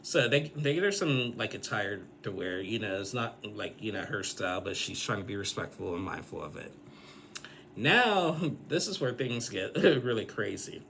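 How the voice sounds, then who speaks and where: A man's voice: on the low side, animated, normal speed, creaky, bright, forceful tone, slight background noise. A man giving a casual, rambling episode recap, full of fillers and restarts. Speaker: recap vlogger.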